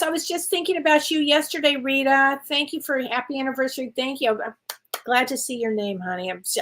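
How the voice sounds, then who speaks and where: A woman, a spiritual medium chatting encouragingly with viewers on a live stream. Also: a little high. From Wisconsin, USA. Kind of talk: casual live-stream chat reading viewer comments.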